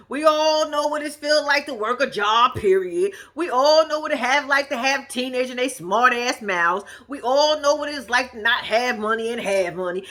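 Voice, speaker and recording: Woman, casual reaction vlogger; bright, sharp tone, sassy and blunt, laughs a lot. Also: fairly high pitch. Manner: slangy and profane, addresses viewers directly. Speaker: vlogger recapping a reality show.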